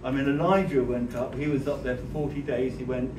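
A man giving a conversational church talk, telling personal stories in an earnest, halting way with frequent restarts. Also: mid-range voice, fairly even intonation. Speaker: church speaker. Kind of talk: conversational sermon with personal storytelling. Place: church hall. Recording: echoey hall, distant mic, faint hiss.

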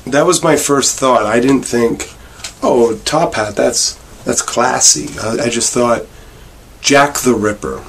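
A man vlogging a rambling comic monologue with wry, meandering deadpan asides. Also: medium pitch, slow pace, a little hiss or hum. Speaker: vlogger and bar worker.

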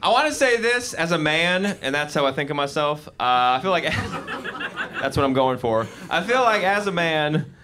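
A young man performing a live stand-up comedy set on a club stage, animated and slipping into voices for his bits. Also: on the high side, moderate pace. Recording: live club recording with audience noise. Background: audience laughter.

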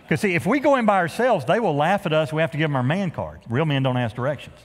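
Male pastor, middle-aged, lively sermon delivery, slightly high voice, long church reverb. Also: quick pace. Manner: animated preaching, swings from loud emphasis to hushed lows; folksy, joking asides. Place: large church sanctuary.

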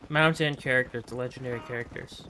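A man's voice: mid-range voice, steady tone, fast, sharp tone, a little hiss or hum. A man hosting a casual gaming chat with friends, teasing and laughing often. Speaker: streamer and host.

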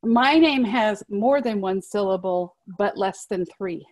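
A woman leading a children's library storytime, cheerful and unhurried as she reads aloud to kids. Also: mid-range voice.

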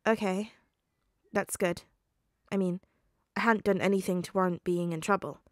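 A woman's voice: mid-range voice, steady tone, dry recording, clean studio sound, natural voice. Woman voicing a hesitant teenage boy. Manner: hesitant, halting with ums. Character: nervous grieving teenage boy.

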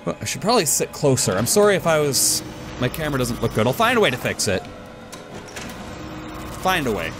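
A man's voice: on the high side, sing-song, normal speed, long pauses, noisy background. Goofy young man narrating gameplay. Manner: goofy, talks to objects and himself. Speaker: let's play gamer. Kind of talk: casual gameplay commentary.

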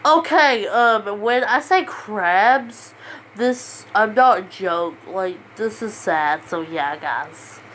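Giggly slow-talking woman vlogger. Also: medium pitch, lively intonation, a bit bright, slight background noise. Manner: giggly and rambling, laughing often. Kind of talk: casual vlog chat, reading out comments.

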